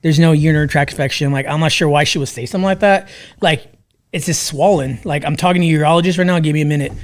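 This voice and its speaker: High-voiced profane man. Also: very fast. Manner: profane, animated storyteller. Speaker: podcast guest. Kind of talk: casual storytelling.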